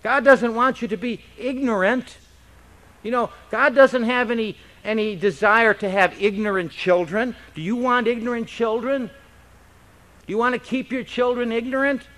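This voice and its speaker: A man with a high voice preaches in an unhurried, deliberate way. He teaches the Bible as a pastor and keeps the tone conversational. He keeps tossing rhetorical questions to his congregation. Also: fairly even intonation, a bit bright. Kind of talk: expository Bible-teaching sermon.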